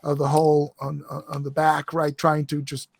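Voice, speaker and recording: A man running a tabletop role-playing session as game master, talking in halting, self-correcting phrases. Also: a little high, monotone, gravelly, husky, dry recording. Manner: halting, thinks aloud, lots of restarts.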